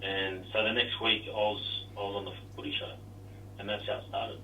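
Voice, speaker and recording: A man's voice: fairly low pitch, level tone, fairly quick, bright, forceful tone, reverberant, distant mic, a little hiss or hum, poor audio. A man, a former rugby league player, chatting casually with rambling restarts and self-deprecating humor. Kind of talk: casual interview chat.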